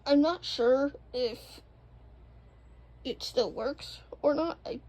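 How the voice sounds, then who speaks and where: A woman's voice: high-pitched, slow pace, a little mellow, poor audio. A woman vlogging in casual chat inside an RV, rambling with lots of ums as she moves around. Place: indoors in an RV.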